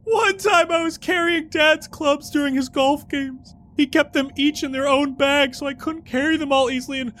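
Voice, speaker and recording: A performer doing a weepy, high-pitched bag hoarder. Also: fairly even intonation, moderate pace, hardly any pauses, a bit bright. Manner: sobbing, self-pitying, punning. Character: weepy middle-aged man hoarding bags.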